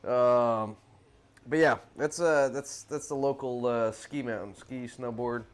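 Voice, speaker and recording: A man's voice: mid-range voice, fairly even intonation, takes it slowly, clear, resonant tone. A young man from New Jersey, a guest in a casual workshop chat, who talks in a laid-back, hesitant way with many fillers.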